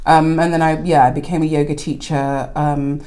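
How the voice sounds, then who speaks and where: A woman, a podcast guest chatting casually with many fillers, breaking into animated laughter when telling stories. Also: low-pitched, normal speed. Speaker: podcast guest, coffee educator. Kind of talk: casual interview chat.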